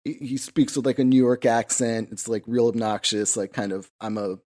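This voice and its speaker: A man's voice: medium pitch, steady tone, moderate pace, dark tone. A man co-hosting a casual podcast discussion, rambling with lots of fillers and swearing. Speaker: podcast co-host.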